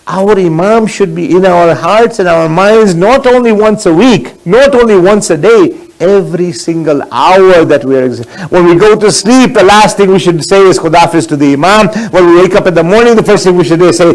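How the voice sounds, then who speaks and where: A man's voice: high voice, animated, normal speed, low-quality recording. A man giving a sermon as a sheikh, earnest and exhorting, mixing in Arabic religious phrases.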